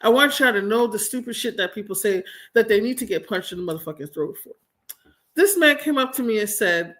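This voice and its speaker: A woman's voice: fairly high pitch, expressive, brisk. A woman in her forties hosting a livestream from home, telling a story in a blunt, emphatic, profane way. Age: 40s. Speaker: streamer host. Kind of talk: casual livestream talk.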